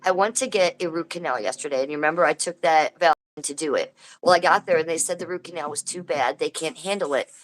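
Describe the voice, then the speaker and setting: A woman's voice: low-pitched, quick pace, hardly any pauses, slight background noise, poor audio. Woman venting on a livestream. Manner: rambling, venting, greets viewers by name. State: aching tooth. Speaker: livestream host. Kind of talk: casual livestream chat. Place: home. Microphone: phone.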